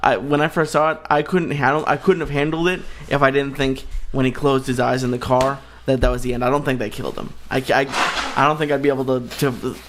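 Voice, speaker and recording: A man's voice: medium pitch, fairly even intonation, fairly quick, fairly bright tone, slight background noise. A man co-hosting a podcast, speaking casually and hesitantly. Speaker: podcast co-host. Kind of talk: casual chat.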